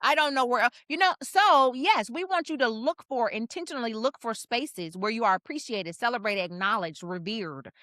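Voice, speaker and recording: Brief: woman podcast co-host, bright forceful tone, dry close sound, expressive storyteller who leaps up in pitch to make a point. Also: moderate pace, few pauses, no echo. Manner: animated, expressive, jumps in pitch for emphasis. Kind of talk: casual conversational storytelling.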